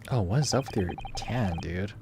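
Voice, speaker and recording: A man's voice: lowish voice, animated, normal speed, background noise. A man streaming a game playthrough, joking and reading dialogue aloud.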